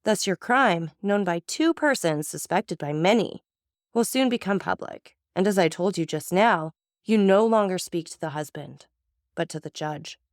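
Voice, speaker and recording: A woman's voice: fairly low pitch, expressive, moderate pace, no echo, clean studio sound. A woman voicing a stern, cold-blooded male magistrate who speaks with contempt and accusation. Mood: accusing.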